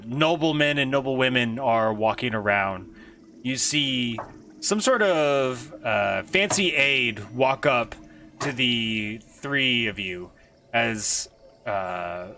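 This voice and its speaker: Game master guy, animated, swears and laughs a lot, bouncy pitch. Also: a little hiss or hum. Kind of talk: narrating a tabletop game over a voice call.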